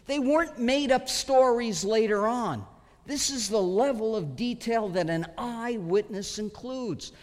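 A pastor giving an expository sermon, earnest and emphatic, pausing often as he teaches. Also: very high-pitched. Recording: long hall reverb.

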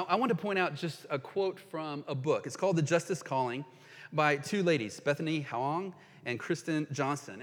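A man's voice: on the high side, in a large hall. A man preaching a sermon as a pastor, earnest and reading scripture aloud with emphasis.

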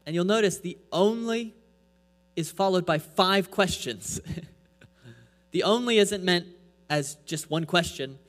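A man preaching a sermon from the pulpit, pressing his point with rhetorical questions and swinging between loud and soft. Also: sits high, a little slow, long pauses. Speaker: pastor. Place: church. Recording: echoey hall with mains hum.

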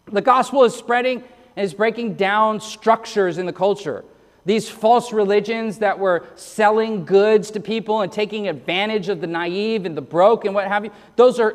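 Male pastor, high voice, earnest and emphatic sermon delivery, stumbling restarts, heard with a lingering hall echo. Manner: earnest, emphatic preaching with quick verse citations; repeats words when starting sentences.

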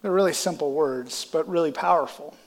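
Impassioned pastor preaching in a reverberant hall. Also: male voice, fairly high pitch, a little fast. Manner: impassioned preaching that builds to loud climaxes. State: congested sinuses. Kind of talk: sermon. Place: church sanctuary.

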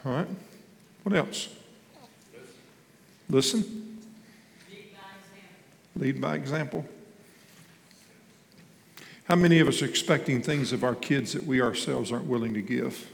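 An older man, a pastor, leads an interactive discussion with his congregation in a loud, lively way. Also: mid-range voice, a little slow, vocal fry, pauses often, a little hiss or hum. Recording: hall reverb with faint room ambience.

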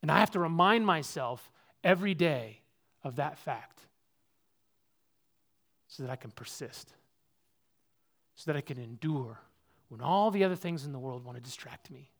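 A man preaching a sermon as pastor, earnest and personal, swinging between loud, high exhortation and quiet, low reflection. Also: animated, normal speed, gravelly, pauses often.

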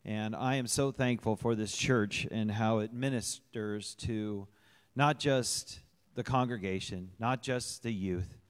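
Slow, deliberate man reading scripture. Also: fairly low pitch, clean tone. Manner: deliberate, emphatic on key words. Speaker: church member giving thanks. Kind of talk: testimony in a church service. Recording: long church hall reverb.

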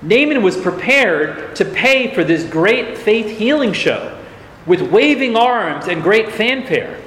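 An earnest male pastor preaches in a high, animated voice and presses his listeners with rhetorical questions. His words echo around a large church hall with a long reverb tail. Faint ambience stays in the background. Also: unhurried, slight background noise. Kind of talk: sermon.

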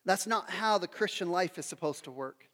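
A pastor preaching a sermon as an emphatic storyteller, building to loud, passionate peaks. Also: male voice, high voice, expressive, normal speed, long reverb tail.

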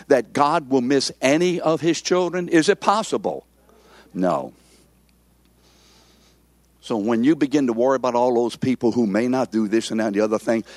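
Slow, emphatic male pastor, dry close sound, repeats points and asks for amens. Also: on the high side, dry recording. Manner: emphatic, repetitive, calls for amens. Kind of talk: sermon.

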